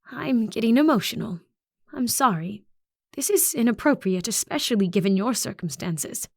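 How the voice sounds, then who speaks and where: A woman narrator voicing an elderly female school principal, speaking softly and with measured sorrow. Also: mid-range voice, animated, vocal fry, dry recording, clean studio sound, pitched above the performer's own voice. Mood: grieving. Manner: soft, measured, quietly sorrowful.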